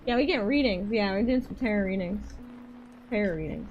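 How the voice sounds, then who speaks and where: Brief: Southern woman streamer from Georgia, chatty and playful, bright high voice swinging all over. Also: big pitch swings, a little fast, a little hiss or hum, low-quality recording. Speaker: livestreamer. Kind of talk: casual livestream chat, tarot readings.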